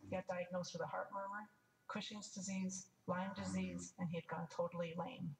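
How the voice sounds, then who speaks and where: Older woman with a gravelly, level voice. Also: on the low side, flat delivery, moderate pace, a little hiss or hum. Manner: frank, wry, restarts and asides. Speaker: testimony speaker. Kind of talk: personal storytelling. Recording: echoey room, mic at a distance, faint ambience.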